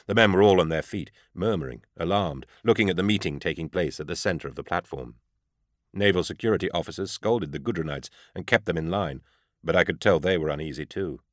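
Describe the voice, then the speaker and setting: A man reading a first-person story aloud in a grave, measured storytelling manner. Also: low-pitched, no echo, studio quality. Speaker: audiobook narrator. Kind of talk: first-person scripted narration.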